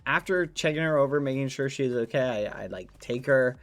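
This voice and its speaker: Brisk and fairly bright, this man's medium-pitched voice comes over faint background music. Streaming from his room, he chats informally with viewers while meandering through a filler-laden story.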